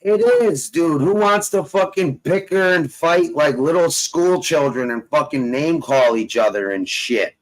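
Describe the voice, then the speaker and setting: A man talking in loud, swaggering, profane casual banter, laughing often and cursing constantly. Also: fairly high pitch, lively intonation, a little slow, hardly any pauses, poor audio. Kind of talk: profane casual banter on a live audio chat.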